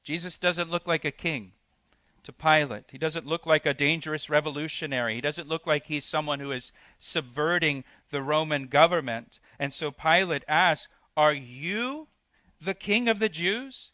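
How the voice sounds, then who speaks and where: Male pastor, expository sermon; bright, forceful voice, slightly high, dry close sound. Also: steady tone, normal speed, no room sound.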